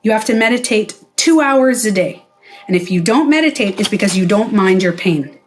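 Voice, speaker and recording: A woman's voice: mid-range voice, animated, moderate pace, soft background music. A middle-aged woman, a former spa owner, talking straight to camera in a casual vlog. She is blunt, swears freely and acts out the voices she quotes.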